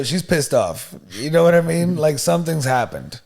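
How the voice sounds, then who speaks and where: A man's voice: medium pitch, measured pace, hardly any pauses. Slangy man telling a story. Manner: animated, slangy, "you know what I mean", "bro". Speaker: podcast co-host. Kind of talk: casual storytelling chat.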